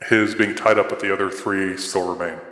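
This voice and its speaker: A man's voice: low-pitched, sharp tone, roomy sound, in a large hall. A man running a tabletop game as game master, narrating unhurriedly with many fillers.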